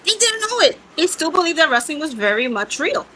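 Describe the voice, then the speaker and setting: A woman's voice: sits high, big pitch swings, brisk, sharp tone, slight background noise, poor audio. A woman in her thirties co-hosting a casual chat, emphatic and insistent, often repeating her points. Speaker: podcast co-host.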